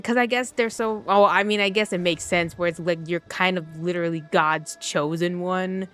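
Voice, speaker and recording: A woman's voice: lowish voice, moderate pace, hardly any pauses, a bit bright, soft background music. A woman gaming streamer casually retelling a game's story, rambling with many fillers and slipping into the characters' voices. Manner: rambling, filler-heavy, uses "like" constantly; slips into quoted voices of characters.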